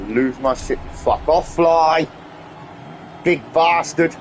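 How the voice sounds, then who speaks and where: A man's voice: fairly high pitch, takes it slowly, long pauses, slight background noise. A man streaming a game, ranting in an exasperated, heavily sweary way. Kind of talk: casual live-stream rant.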